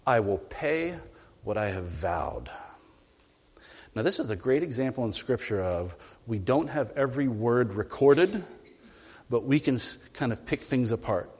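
A man preaching a sermon as a pastor, animated, swinging between loud emphatic lines and quiet, low asides. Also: unhurried, breathy edge. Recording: long hall reverb.

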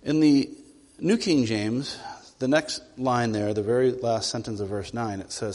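A man preaching a sermon as a pastor, animated, swinging between loud emphatic lines and quiet, low asides. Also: unhurried. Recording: long hall reverb.

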